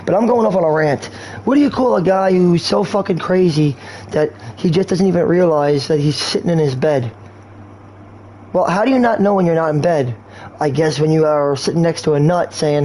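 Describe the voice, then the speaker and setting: A man's voice: on the high side, fairly quick, dark tone, slight background noise, low-quality recording. A man streaming a game, talking in a rambling, crude way and telling meandering jokes. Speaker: gaming streamer. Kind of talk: rambling gameplay commentary.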